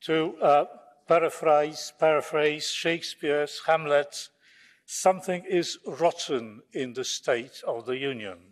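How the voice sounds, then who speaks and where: A man delivers a formal parliamentary speech, sharp and sarcastic in its jabs. His voice sits somewhat high for a man. It carries the long echo of a large debating chamber. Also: slow pace. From Poland. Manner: sarcastic, combative oratory. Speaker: member of parliament. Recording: long reverb of a large hall.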